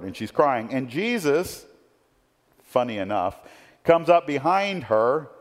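Conversational male preacher in a reverberant hall. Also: mid-range voice. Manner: conversational, tag questions, frequent restarts. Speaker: pastor. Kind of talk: sermon.

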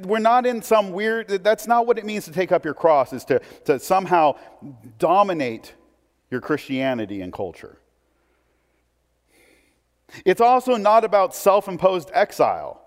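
A man preaches in a church, moving between a plain conversational tone and bursts of emphasis. His voice rings with a long hall reverb. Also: a little high. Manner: conversational preaching with asides and restarts. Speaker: pastor. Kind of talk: sermon.

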